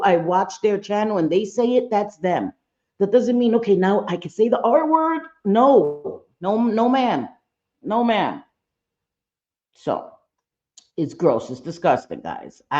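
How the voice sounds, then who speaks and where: A woman's voice: fairly low pitch, darkish tone, muffled recording. Blunt, foul-mouthed woman streaming live. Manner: blunt, profane, talks straight to chat. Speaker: livestream commentator. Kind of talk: casual livestream reaction chat.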